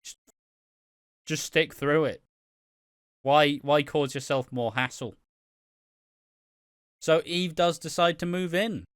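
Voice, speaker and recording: A man's voice: fairly high pitch, slow pace, long pauses, a bit bright, smooth, no echo, clean studio sound. A man co-hosting a casual soap podcast, swearing a lot, laughing often and acting out the characters' lines. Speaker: podcast co-host. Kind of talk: casual soap recap chat.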